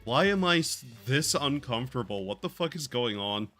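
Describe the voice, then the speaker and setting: A man's voice: medium pitch, lively intonation, normal speed, a bit bright, faint music behind. A man streaming a game, talking in a drawling, meandering way with sighs and casual swearing. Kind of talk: casual gaming stream chat.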